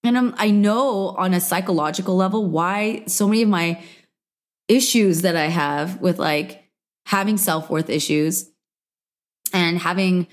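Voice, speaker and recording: A woman's voice: on the low side, a little slow. A young woman hosting a solo podcast, talking candidly and emotionally in a rambling, confessional way full of "like" fillers. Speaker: podcast host.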